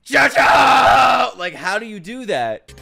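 A man's voice: fairly high pitch, moderate pace. A man hosting an anime reaction, exclaiming, swearing and joking as he watches. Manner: animated, exclaiming, swearing, cracking jokes. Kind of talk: live anime reaction commentary. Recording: show's music playing behind the voice. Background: anime soundtrack music.

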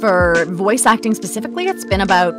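A woman's voice: mid-range voice, fairly quick, music in the background. Giggly young woman voice actor. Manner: giggly, animated. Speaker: professional voice actress, guest. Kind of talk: casual chat. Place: home recording booth.

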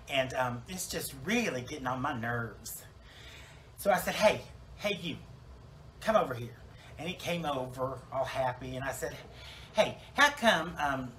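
A man's voice: fairly high pitch, pushed and bright, slight background noise, poor audio. A man voicing a chatty, self-absorbed woman salon owner newly dead in heaven, rambling with fillers and restarts in a comic church monologue. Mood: exasperated. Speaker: preacher in character.

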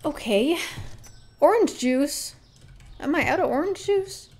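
A woman chatting casually with her viewers while she plays through a game. Her voice sits a little high, and she talks offhandedly, reading out items to herself and dropping the odd swear word. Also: lively intonation, slow pace, darkish tone. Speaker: livestreamer. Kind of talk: casual live-stream chat while gaming.

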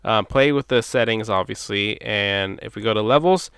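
A man's voice: lowish voice, normal speed, smooth, dry recording, studio quality. A man casually demoing a USB microphone at home, thinking aloud as he tries its settings, with his distance from the mic changing as he goes. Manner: relaxed, chatty, thinks aloud while testing. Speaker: tech reviewer. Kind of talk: casual product demo. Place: indoor home setup. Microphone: USB condenser mic under test, distance varies.

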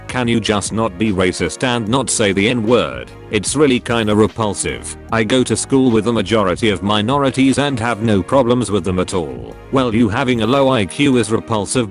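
A man with a lowish voice reads out text message exchanges for a comedy compilation. He delivers them in a wry, dry way and drops in short asides of his own. Soft music plays faintly behind him. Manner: wry, reads messages aloud then comments dryly. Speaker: narrator of meme videos.

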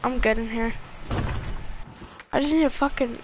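A woman's voice: a little high, moderate pace, slight background noise. A young woman giving gameplay commentary, swearing constantly and talking to herself and the screen. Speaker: gamer.

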